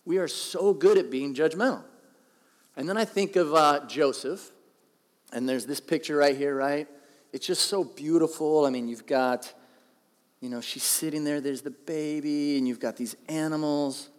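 Animated man preaching in a reverberant hall. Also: fairly high pitch, moderate pace. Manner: conversational, joking, animated. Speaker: pastor. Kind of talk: sermon.

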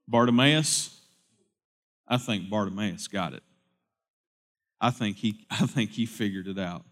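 A man preaching a sermon in a conversational way, swinging between loud, lively bursts and hushed, solemn stretches. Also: fairly low pitch, unhurried, pauses often. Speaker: pastor.

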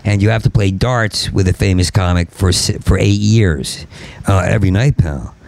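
A man, a stand-up comedian, in a profane rambling rant, stuttering and repeating syllables and swinging into angry shouting. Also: sits low, moderate pace, gravelly, no room sound.

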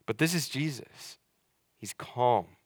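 A young man delivers a sermon in a relaxed, conversational way. He leans hard on key words, slowing right down to stress them. His voice sits in an ordinary middle range and sounds close and dry, with little room around it. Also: medium pitch, dry recording. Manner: conversational, emphatic with slow deliberate stresses. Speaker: pastor.

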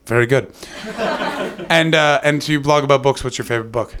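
A man's voice: mid-range voice, brisk, a bit bright, slight background noise. A man with a North American accent hosting a comedy podcast, talking in rambling, sarcastic, profane banter. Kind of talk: casual comedic chat.

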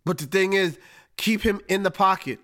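A man hosting a casual sports talk show, breaking down football matchups in an emphatic, animated way with slang. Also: high voice, moderate pace. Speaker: podcast host.

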